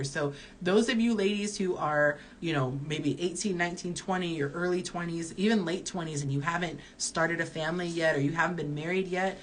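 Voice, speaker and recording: Candid woman in her forties, lowish voice. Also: brisk, few pauses, slight background noise. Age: early 40s. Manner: candid, chatty, reading viewer comments aloud. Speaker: dating coach. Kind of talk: live-stream Q&A, candid advice.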